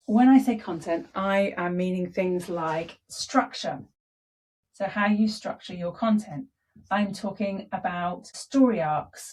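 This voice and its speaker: A middle-aged woman, teaching public speaking in an energetic, emphatic way and changing her pace on purpose. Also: mid-range voice.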